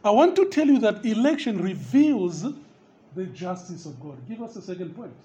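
A man's voice: high-pitched, very animated, moderate pace, warm tone, slight background noise. A man preaching a sermon, speaking emphatically to his listeners, calling them dear friend and rising on repeated questions.

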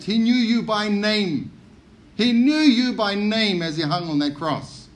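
A man's voice: high-pitched, animated, takes it slowly. A man preaching a sermon, emphatic and often repeating key phrases for stress.

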